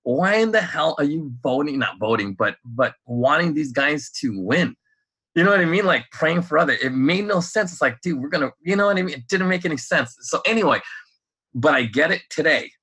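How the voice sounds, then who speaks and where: A man in casual conversation, talking in a rambling, animated way with lots of fillers, restarts and laughs. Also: fairly high pitch, brisk, slightly rough. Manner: laughs often while talking. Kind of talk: casual chat.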